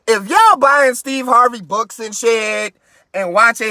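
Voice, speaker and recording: A man with a very high, bright, sharp voice rants loudly and mockingly as a podcast host. He talks from his car into a phone, boastful, his pitch shooting up when he gets worked up. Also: expressive, normal speed, no echo. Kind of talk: profane comedic rant.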